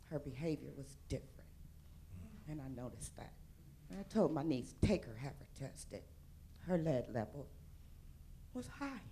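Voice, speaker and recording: A woman from Flint with a very low, heavy voice tells her story from the audience. She is emotional and earnest, rising to a strained, loud plea. Faint noise hums behind her. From Flint, Michigan. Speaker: audience member. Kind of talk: personal testimony at a panel.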